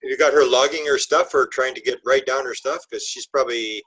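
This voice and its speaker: A man's voice: medium pitch, fairly even intonation, brisk, a bit bright, husky, low-quality recording. Man hosting with short, encouraging replies. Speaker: host. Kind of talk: casual interview.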